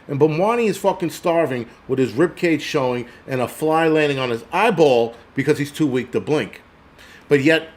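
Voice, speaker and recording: Blunt, profane man in his forties ranting. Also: on the high side. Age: 40s. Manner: profane, blunt, rambling, reads viewer comments. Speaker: host. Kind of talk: casual livestream rant.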